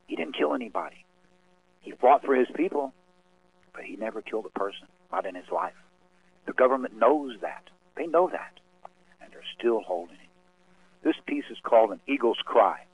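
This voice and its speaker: A man giving a solemn, measured spoken-word appeal and reading, with dramatic pauses, as a guest on a radio show. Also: medium pitch, gravelly, breathy edge. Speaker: radio guest speaking for a cause. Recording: tinny phone line.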